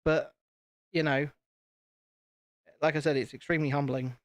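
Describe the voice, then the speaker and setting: While building on a relaxed live stream, this British man talks to his viewers in a chatty, self-deprecating way. His voice is a little high with fairly even intonation and a moderate pace, and there's no room sound.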